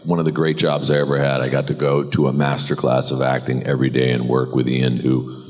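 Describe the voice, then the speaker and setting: A man's voice: rumbling low, monotone, brisk, darkish tone, big-room sound. A man, an actor on a convention panel, telling a rambling, self-deprecating anecdote and laughing often. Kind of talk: anecdote storytelling.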